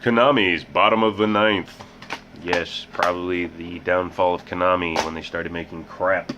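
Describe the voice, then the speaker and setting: A man's voice: sits low, steady tone, moderate pace. A man hosting a casual game collection vlog, rambling and making joking asides about himself. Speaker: host. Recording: muffled with loud background hiss.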